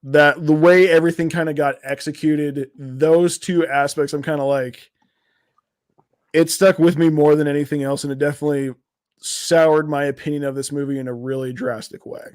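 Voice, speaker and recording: A man's voice: fairly high pitch, steady tone, normal speed, no echo. A man on a pop culture podcast panel who hedges his opinions and fills his speech with "like". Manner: hedging, fills with "like". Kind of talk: casual pop culture discussion.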